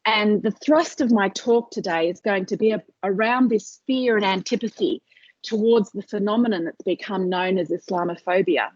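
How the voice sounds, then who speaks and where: A woman's voice: medium pitch, normal speed, darkish tone, dry recording. A woman giving an academic seminar talk over a video call, hesitant, with many fillers and restarts. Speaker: lecturer. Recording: dull lo-fi video call audio.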